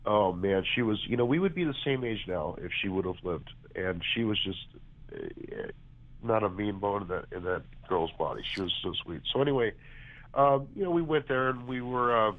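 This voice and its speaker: A man in his forties from California, congested and a bit hoarse, chatting as a guest with lots of restarts over the phone. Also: fairly low pitch, animated, normal speed. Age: 40s. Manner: chatty, rambling with many restarts. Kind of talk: phone interview. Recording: tinny phone line.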